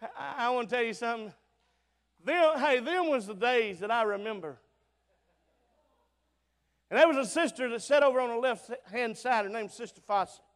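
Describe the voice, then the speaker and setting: A man from Alabama with a Southern accent preaching a revival sermon through a sound system in a church auditorium, fervent and plain-spoken, swinging between loud bursts and soft asides. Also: extremely high pitch, moderate pace, long pauses. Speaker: visiting preacher. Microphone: church sound system mic. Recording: long auditorium reverb.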